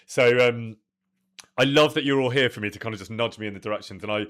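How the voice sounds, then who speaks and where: Talking quickly in a mid-range voice with a fairly bright tone, a man rambles through asides and laughs readily as he plays a video game on a casual live stream.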